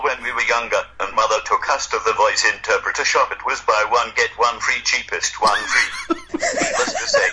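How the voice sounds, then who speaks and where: A man's voice: mid-range voice, noisy background, natural voice. A man voicing a pompous, bitter younger brother of a famous scientist who acts as guest host, boastful and petty, with mock glitches in his speech. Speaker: guest host of a podcast game. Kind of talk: comedy sketch role-play.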